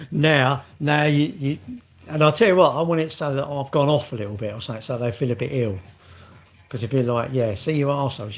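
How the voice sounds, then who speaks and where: A middle-aged man, rambling in casual vlog chat, swearing and joking. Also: medium pitch. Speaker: vlogger.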